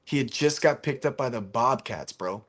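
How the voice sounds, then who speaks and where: A man hosting a casual stream, his voice sitting at an ordinary middle pitch. He tells animated, profane stories and acts out what people said. He sounds like he is on a video call. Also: normal speed. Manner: animated storyteller, swears freely, acts out quotes. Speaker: stream host. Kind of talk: casual chat.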